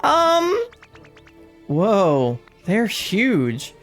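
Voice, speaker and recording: Lively, slow-talking woman streamer. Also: medium pitch, faint music behind. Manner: reactive, swears casually, excited exclamations. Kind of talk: live gameplay commentary.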